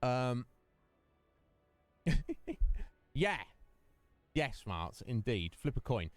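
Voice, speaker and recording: A man's voice: medium pitch, very animated, drawn-out words, no echo, faint music behind. A man hosting a casual game livestream, chatting and joking with viewers in a rambling way. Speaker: streamer and host. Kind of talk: casual livestream chat over gameplay.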